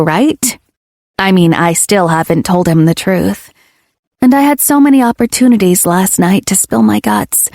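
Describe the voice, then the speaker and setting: A woman narrating a first-person romance audiobook in an intimate, soft-spoken way that turns breathy at moments. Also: mid-range voice, no room sound, studio quality.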